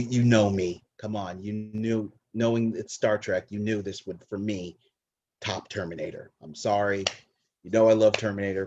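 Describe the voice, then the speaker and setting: A fairly low-voiced man hosts a casual movie podcast, rambling enthusiastically and cursing freely. His voice comes through a dull, lo-fi recording. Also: darkish tone. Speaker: podcast host.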